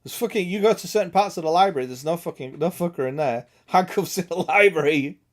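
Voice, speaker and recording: Man, young, gaming streamer, casual crude chat, slightly raised pitch. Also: fast. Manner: crude, swearing, laughing a lot.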